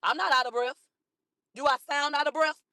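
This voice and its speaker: A hoarse woman from a cold, ranting combatively and profanely at critics on a livestream, repeating herself. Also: high-pitched, steady tone, brisk, pushed and bright, no room sound, clean studio sound. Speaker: livestream host. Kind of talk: heated livestream rant.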